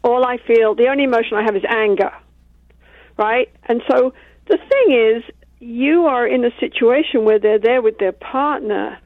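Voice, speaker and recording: A woman, a couples therapist, calmly explaining her work in an interview and acting out examples from her sessions. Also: mid-range voice, no echo. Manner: calm, explains with acted-out examples. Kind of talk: interview conversation. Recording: tinny phone-like dry sound.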